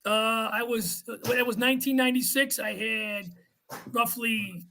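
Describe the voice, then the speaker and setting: A man's voice: extremely high pitch, normal speed, gravelly. A man in his fifties, a retired firefighter, telling a profane story in a casual podcast chat and acting out what others said. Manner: profane, animated storyteller who acts out others' lines.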